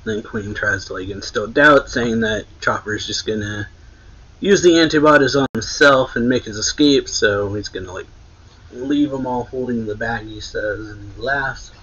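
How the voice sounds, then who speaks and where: A man hosting a manga reaction, casually retelling a chapter and reading its lines aloud with a louder, higher voice for the quotes. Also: moderate pace, slightly rough, lo-fi sound.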